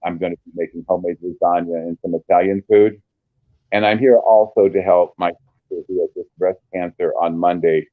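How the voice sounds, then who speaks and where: A man guest speaking earnestly and warmly about his holiday plans, halting with fillers. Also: sits low, no room sound, narrow, tinny audio. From Peoria, Illinois area. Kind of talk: casual chat.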